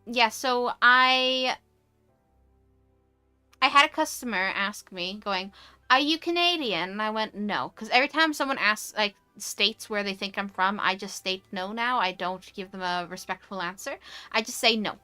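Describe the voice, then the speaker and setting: A young woman with a posh English accent, chatting casually on a stream and ranting with animated energy. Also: mid-range voice, moderate pace, clear, resonant tone, no room sound, faint music behind. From United Kingdom. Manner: animated, ranty. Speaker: VTuber streamer. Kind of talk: casual chat.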